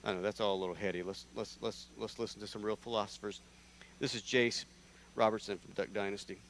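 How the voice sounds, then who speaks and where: Conversational preacher, animated. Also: male voice, on the low side, fast, a little hiss or hum. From North Carolina. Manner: animated, conversational, with repeated restarts. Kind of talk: sermon. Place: church.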